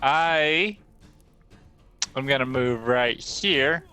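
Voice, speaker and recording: Bright-voiced man asking game rules. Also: mid-range voice, drawn-out words, clear, resonant tone, soft background music. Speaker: player. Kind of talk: tabletop game chat.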